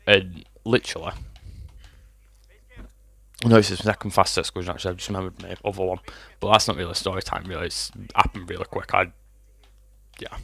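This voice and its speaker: A man's voice: sits low, little pitch movement, normal speed, vocal fry, a bit bright. A man, telling a rambling, sweary storytime to his vlog audience while fighting a cough. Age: 20s. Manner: rambling, swears often, lots of fillers. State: has a cough. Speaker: vlogger.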